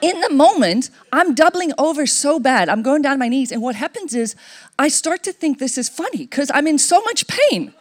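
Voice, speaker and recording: A woman pastor telling a personal testimony in a sermon, chatty and animated, her voice leaping up as she relives the moment. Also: moderate pace, dry recording. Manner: animated storytelling with big pitch swings and laughter; conversational, chatty with fillers.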